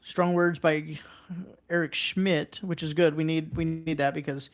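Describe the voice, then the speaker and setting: A man from Missouri hosting a podcast, reading news aloud and breaking into animated, mocking commentary. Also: fairly high pitch, measured pace. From Missouri, USA. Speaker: podcast host.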